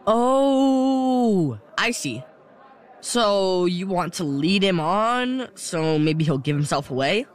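An actor playing a sarcastic schoolboy with a whiny, unhurried delivery in an audio drama. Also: mid-range voice, animated. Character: wisecracking schoolboy who hates big words.

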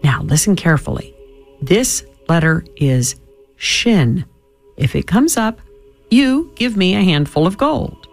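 A man's voice: high-pitched, big pitch swings, unhurried, gravelly, soft background music, voice pushed up, heavily acted. A man reading a storybook aloud and voicing a clever, cheerful hero who coaxes and teases a goblin in a playful manner. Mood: coaxing. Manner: bright, coaxing and playful.

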